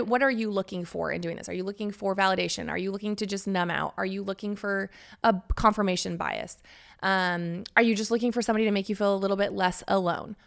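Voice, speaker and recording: A woman's voice: medium pitch, gravelly. A woman in her thirties hosting a solo podcast, talking candidly and casually with the odd swear word. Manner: candid, chatty, swears casually, acts out quoted friends. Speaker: podcast host.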